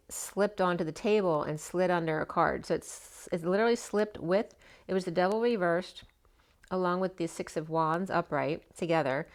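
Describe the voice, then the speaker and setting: Casting note: woman tarot reader, slightly hoarse, lowish voice, rambling and chatty. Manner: chatty, meandering, full of asides. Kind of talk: casual spoken tarot reading.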